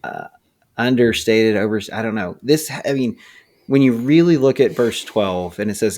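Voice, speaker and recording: A man's voice: on the low side, normal speed, darkish tone. A man co-hosting a casual faith podcast, talking thoughtfully and feeling around for the right word. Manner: thoughtful, searches for words. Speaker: podcast co-host.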